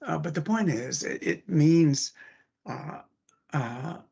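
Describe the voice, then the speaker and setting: A man who survived an aortic dissection tells his story in a casual, halting way, pausing often to search for words. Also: a little high, animated, creaky, a little mellow, husky, muffled recording.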